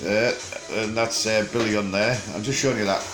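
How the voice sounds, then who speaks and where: An older man with a broad Teesside accent, rambling jokily in casual chat to camera and pausing often on fillers. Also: fairly low pitch, steady tone, echoey room, over music, poor audio. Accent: Teesside English. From England. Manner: rambling, jokey and chatty, with frequent filler pauses. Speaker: vlogger.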